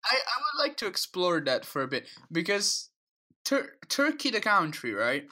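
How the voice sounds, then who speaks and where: A man co-hosting a podcast in casual chat, playful and teasing, firing off animated questions. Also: high voice, moderate pace. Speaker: podcast co-host.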